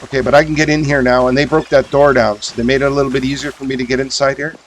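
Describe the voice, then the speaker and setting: A man gives casual commentary on a survival game he is streaming, talking to himself as he sorts his gear. He fills his sentences with ums and half-starts. His voice sits at a mid pitch, with a faint hiss of rain behind it. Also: flat delivery, rapid-fire, low-quality recording. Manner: thinks aloud, mumbling fillers while sorting items.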